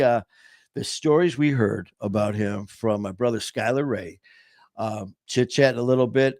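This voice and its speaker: A man's voice: lowish voice, a little mellow, no room sound, clean studio sound. A man hosting a casual podcast, rambling and upbeat, often interrupting himself. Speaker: podcast host. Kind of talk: casual chat.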